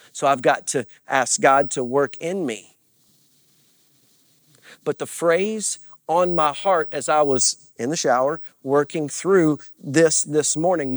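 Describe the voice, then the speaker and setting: A man's voice: on the high side, no room sound. A man preaching as a pastor, earnest and confessional, with repeated phrases and rising bursts of emphasis. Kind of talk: sermon.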